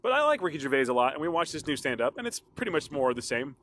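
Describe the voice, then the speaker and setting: A man hosts his own podcast, chatting alone in a casual, rambling way and laughing often. His voice sits a little high, swings widely in pitch, and sounds a bit bright, and he talks very fast. His throat is a little sore.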